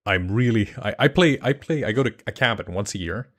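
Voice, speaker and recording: A young man from Iceland, a game master chatting casually on a livestream, rambling and excitable with many restarts. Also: lowish voice, fairly quick. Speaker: game master and channel creator. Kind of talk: casual livestream chat answering questions.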